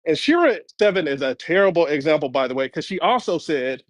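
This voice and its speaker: A man with a slightly high voice argues his side as a guest on a live panel. He pushes his point and keeps checking in with "right?". His sound is dry and close to the mic. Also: very animated, fairly quick, hardly any pauses, no room sound. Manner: argumentative, keeps saying right?.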